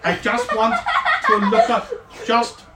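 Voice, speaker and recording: A man voicing an excitable male artificer in a tabletop game, fussy and eager, in a high, hurried voice. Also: heavily acted. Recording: echoey room, faint background noise.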